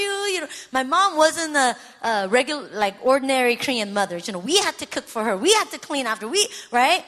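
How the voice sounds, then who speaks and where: A middle-aged woman preaching a sermon testimony in a high, bright voice. She swings between hushed confession and shouted intensity. The sound carries a long hall reverb. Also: expressive, moderate pace, few pauses.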